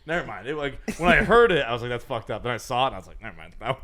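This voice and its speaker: A man co-hosting a casual podcast, bantering loosely and fast, full of "dude" and "bro". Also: mid-range voice, animated, bright, forceful tone. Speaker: podcast co-host.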